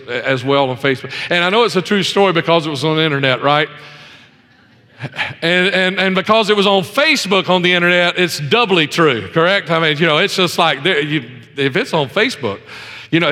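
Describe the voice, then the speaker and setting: A pastor preaching a sermon, swinging between loud emphasis and hushed asides, telling folksy stories with many repetitions. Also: male voice, on the high side, big-room sound.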